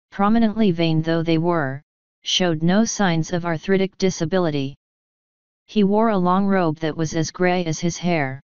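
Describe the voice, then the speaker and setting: A woman narrating an audiobook in a steady, even reading style. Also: fairly low pitch, clear, resonant tone, dry recording. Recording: dull lo-fi, dry.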